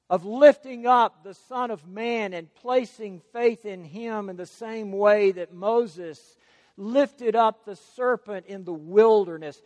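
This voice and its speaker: A man's voice: high voice, slow pace, a little mellow, no echo, in a large hall. A man preaching a sermon, emphatic and stressing key words by repeating them.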